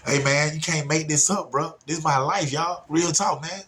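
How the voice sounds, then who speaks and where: Animated man telling a story. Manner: animated, swinging pitch widely for emphasis; talks straight to listeners, often with "y'all" and "man". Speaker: storyteller recounting his childhood. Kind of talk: casual spoken storytelling.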